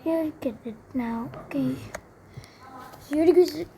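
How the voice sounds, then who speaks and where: A woman's voice: sits high, a little slow, mellow. A young woman tutoring math in a casual, chatty way, full of fillers and self-corrections. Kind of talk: casual explaining while writing.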